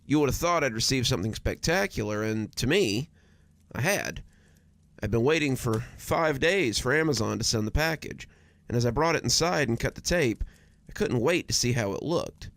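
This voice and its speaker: A man narrating scripted horror stories in an expressive, dramatic manner. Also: medium pitch, normal speed, no echo.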